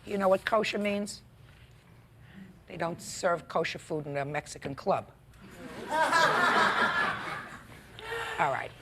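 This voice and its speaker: A woman's voice: fairly low pitch, normal speed, noisy background. A woman presiding as a TV courtroom judge, stern and scolding, cutting the litigants off. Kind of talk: courtroom arbitration. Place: courtroom studio.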